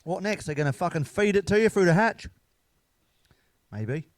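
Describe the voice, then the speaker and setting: A man's voice: high voice, animated, normal speed, no echo. A middle-aged man telling jokes and stories in a blunt, sweary stand-up style. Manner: sweary, blunt, laughing at his own jokes. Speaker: stand-up comedian. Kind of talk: casual stand-up storytelling.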